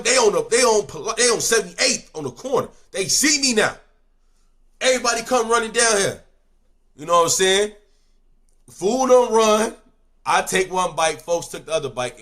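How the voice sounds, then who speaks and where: This is a young man narrating a street tale in slangy, casual speech, alternating loud outbursts with low mumbles.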